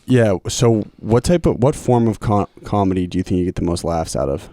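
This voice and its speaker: A man with a very low, mellow voice hosts a podcast. He chats in a relaxed, slangy way. The sound is dry and close. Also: fairly quick, no room sound. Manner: laid-back, chatty, slang-heavy. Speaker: podcast host. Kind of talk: casual interview chat.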